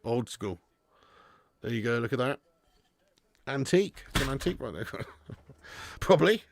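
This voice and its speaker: A man's voice: mid-range voice, expressive, a little slow, gravelly, background noise. A man hosting a live football watch-along from his garage, chatting casually with viewers, swearing freely and reading out the chat between bits of match commentary. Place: home garage used as storage room.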